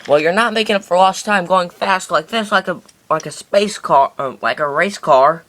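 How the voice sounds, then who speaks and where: A man voicing a worried female passenger coach who pleads in high cries. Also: moderate pace, fairly bright tone, slight background noise. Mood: pleading.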